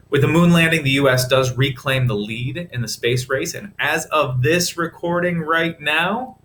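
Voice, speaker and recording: A male teacher delivering a recorded history lecture. His voice is bright and forceful, at an ordinary pitch, and his delivery is casual and chatty, dotted with asides. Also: a little hiss or hum.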